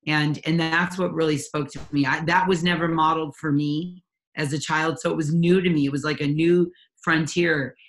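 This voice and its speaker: A woman's voice: sits low, fairly even intonation. Earnest woman parent coach telling her story. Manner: earnest and candid, often pausing with ums and restarts. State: near tears at times. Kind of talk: personal story in an interview.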